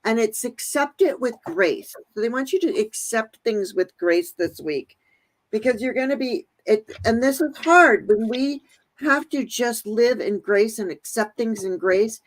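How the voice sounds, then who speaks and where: A woman's voice: a little high, a little slow, low-quality recording. A woman reading tarot and oracle cards for viewers, meandering and thinking aloud as she searches for the right words. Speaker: tarot and oracle card reader.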